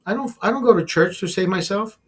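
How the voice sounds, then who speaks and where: High-voiced man on a profane rant. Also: quick pace, husky. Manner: profane, emphatic, calls listeners brother; repeats and restarts words while ranting. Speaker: livestream host. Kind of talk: casual livestream rant.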